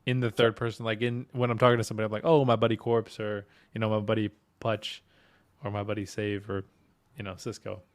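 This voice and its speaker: A man's voice: lowish voice, level tone, quick pace. A man co-hosting a podcast in casual chat, rambling, laughing often and swearing. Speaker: podcast co-host.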